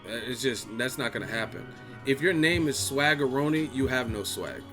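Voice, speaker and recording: A man's voice: medium pitch, animated, moderate pace, over music. A man hosting a boxing live-stream chat, ranting and mocking viewers with lots of swearing. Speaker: boxing channel host.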